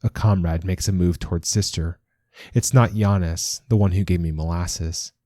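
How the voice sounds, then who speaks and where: A man reading a short story aloud as narrator, in a calm, measured telling. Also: deep voice, no room sound, clean studio sound. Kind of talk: scripted narration.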